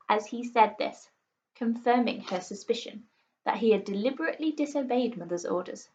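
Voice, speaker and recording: Woman teacher, storybook read-aloud, a bit high, slightly muffled, expressive. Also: moderate pace. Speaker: primary school teacher. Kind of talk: reading a children's book aloud. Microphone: recorded for an online class video.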